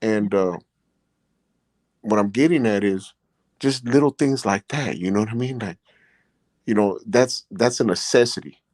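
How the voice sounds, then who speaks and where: A middle-aged man, a podcast host who spent time in prison, recounts his own experiences casually and at length, leaning on "you know" fillers and growing earnest and emotional. His lowish, slightly mellow voice runs a little slow with frequent pauses, and the recording is dry.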